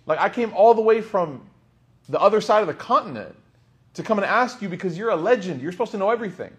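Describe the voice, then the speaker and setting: A man's voice: high voice, animated, rapid-fire, pitched above the performer's own voice. A man voicing an exasperated male traveler who demands answers. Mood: indignant. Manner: exasperated, pleading.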